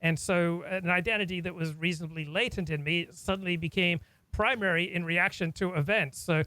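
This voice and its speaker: A man's voice: high voice, a little fast, bright, forceful tone, dry recording, poor audio. A man from Australia hosting a talk, speaking in an earnest, reflective way and often repeating words as he thinks. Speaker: host. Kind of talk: casual discussion.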